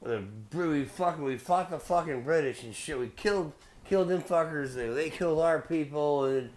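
A man's voice: fairly high pitch, moderate pace, darkish tone. A man from Belleville, Illinois, hosting his video blog in a loose, profane, rambling monologue full of tangents. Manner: loose, beer-drinking delivery. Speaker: video blogger host.

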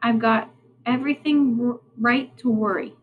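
A woman's voice: fairly high pitch, fairly even intonation, moderate pace, narrow, tinny audio, slight background noise, natural voice. A woman voicing a rude, bossy boy who sneers and snaps orders, reading a storybook aloud. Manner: sneering, sharp-tongued.

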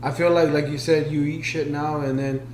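A man's voice: on the high side, little pitch movement, normal speed, a little mellow. Young man, echoey room with faint hum. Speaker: podcast co-host. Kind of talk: casual chat.

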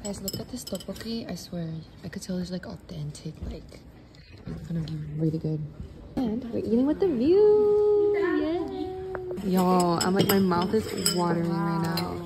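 A young woman vlogging casually into a handheld phone, chatty, excited and full of slang. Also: fairly low pitch, normal speed, heavy background noise. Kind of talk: casual travel vlog narration. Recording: loud music and crowd.

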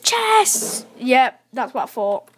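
High-pitched girl talking thru her game, slow easy pace, chatty, bursts of excitement. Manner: chatty, talks to self, excitable outbursts. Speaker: gamer. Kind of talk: live gameplay commentary.

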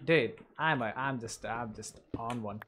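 A young man giving casual let's-play commentary, mumbling asides and bursting into loud yelps and cheers. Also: mid-range voice, measured pace, background noise. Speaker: gaming commentator.

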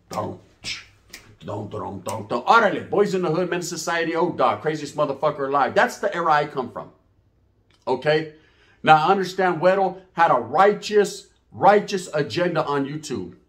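A middle-aged man, talking casually and bluntly to camera as a YouTuber, full of street slang and profanity. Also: fairly high pitch.

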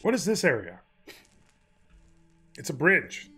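A man's voice: a little high, huge pitch swings, takes it slowly, sharp tone, husky, faint music behind. A man streaming a game, giving joking, crude commentary and laughing at the dialogue. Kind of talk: casual let's play commentary.

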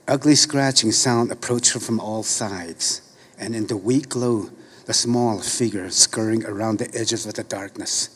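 A middle-aged man reading a story aloud in a slow, measured, solemn way. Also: on the low side, a bit bright, breathy edge.

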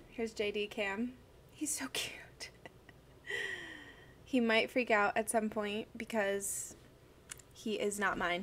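A woman's voice: medium pitch, a bit bright, slight background noise. A young woman streaming a crossword session, chatting casually and gushing as she greets viewers by name. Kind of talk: casual livestream chat.

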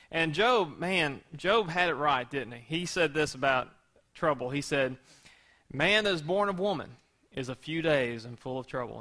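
Bright-voiced pastor preaching conversationally. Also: male voice, fairly high pitch. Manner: conversational preaching with rhetorical questions. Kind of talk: sermon.

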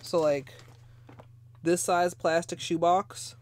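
A woman's voice: on the low side, fairly even intonation, slow pace, darkish tone, slight background noise. Chatty rambling woman streamer. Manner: rambling and chatty, full of "like" fillers, answers chat comments. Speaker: nail polish livestream host. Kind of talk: casual livestream chat with viewers. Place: her bedroom at home. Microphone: desk mic, moves away from it at times.

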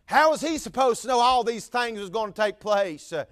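A man's voice: extremely high pitch, expressive, normal speed, a bit bright, no echo, studio quality. A man preaching a fervent sermon with repetitive phrasing and stammered fillers.

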